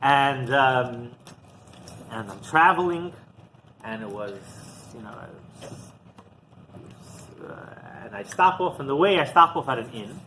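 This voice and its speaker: A man's voice: medium pitch, takes it slowly, a little hiss or hum, rough recording. A man who is a rabbi telling a story in a sermon, acting out the dialogue. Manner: animated storyteller, acts out dialogue.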